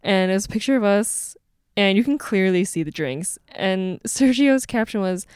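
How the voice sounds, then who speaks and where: A woman's voice: mid-range voice, lively intonation, normal speed, darkish tone, smooth, dry recording, studio quality. A young woman co-hosting a podcast at home, telling a story in a casual chat with frequent giggles. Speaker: podcast co-host.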